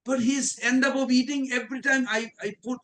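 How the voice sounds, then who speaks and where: High-voiced man telling devotional anecdotes. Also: steady tone, fairly quick, sharp tone, a little hiss or hum. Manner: storytelling with frequent chuckles; informal non-native English phrasing. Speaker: devotional class speaker. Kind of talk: anecdotal devotional class talk.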